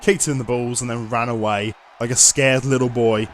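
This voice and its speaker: A man giving lively play-by-play commentary over a wrestling video game, often bursting into loud excited shouts. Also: medium pitch, brisk, slight background noise.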